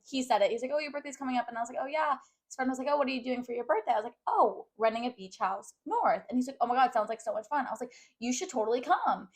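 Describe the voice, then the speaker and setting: A woman's voice: a little high, fairly bright tone. A young woman co-hosting a casual podcast, rambling through a story and acting out what everyone said. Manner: rambling storytelling full of "I'm like" quotes. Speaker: podcast co-host. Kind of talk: casual chat.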